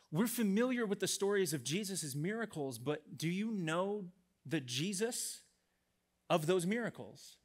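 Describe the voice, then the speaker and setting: A young man preaching a sermon to a young adult gathering in a church, telling a story with lively acted-out voices. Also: high voice. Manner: animated storytelling, acts out voices in a joke. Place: church hall.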